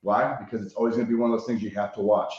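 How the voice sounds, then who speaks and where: A man's voice: on the low side, level tone, rapid-fire, a little mellow. A man from Chicago, a rehab consultant guest on a podcast, telling stories animatedly, swearing freely and tagging lines with "right?". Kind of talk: casual podcast interview. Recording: echoey room, muffled lo-fi sound.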